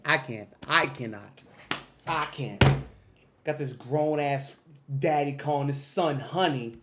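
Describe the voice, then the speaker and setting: A man's voice: a little high, slow pace, a bit bright, a little hiss or hum. A young man hosting a reaction video, casually commenting in an incredulous, mocking way.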